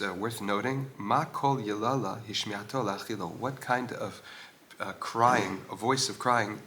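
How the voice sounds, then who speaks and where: Bright-voiced man teaching a text. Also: on the low side, slight background noise. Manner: explanatory, pauses with fillers, asks questions aloud. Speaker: Torah teacher. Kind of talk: text study, reading Hebrew lines and translating them. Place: old stone synagogue.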